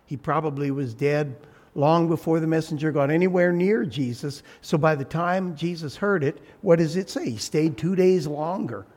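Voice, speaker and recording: A man preaching a sermon as pastor, animated, acting out voices and shouting for emphasis. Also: fairly high pitch, normal speed.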